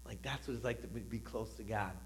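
A male pastor preaching a sermon, calling on the congregation to respond and swinging between loud emphatic lines and soft, low asides. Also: fast.

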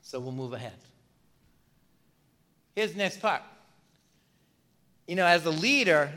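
A man with a high, bright voice preaches a sermon in a casual, conversational way. He keeps asking the congregation questions and stumbles over repeated words. His voice rings with the long reverb of a church hall. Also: normal speed, long pauses. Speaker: pastor.

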